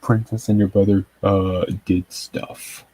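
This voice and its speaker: A man's voice: deep voice, little pitch movement, slow pace, warm tone, slightly rough, no room sound, poor audio. A man chatting casually as he reviews a TV episode, rambling with lots of fillers and frequent chuckles. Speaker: TV show reviewer. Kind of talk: casual video review chat.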